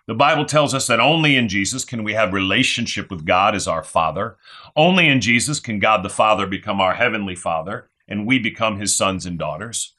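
Fervent, lively-voiced male preacher. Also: medium pitch. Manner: fervent preaching, repeats phrases, asks "right?". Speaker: pastor. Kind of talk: sermon.

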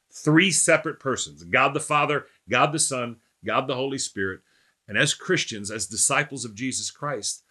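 A man preaching through a Bible passage, his voice bright and forceful at a middle pitch. He talks conversationally, restarts his phrases and checks in with "right?" as he teaches. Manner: conversational, repeats words, asks "right?" often. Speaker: pastor.

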